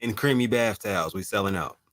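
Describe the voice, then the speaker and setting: Playful low-voiced male stream co-host. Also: brisk. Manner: playful, teasing, loud bursts of excitement. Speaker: livestream co-host. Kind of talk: casual chat.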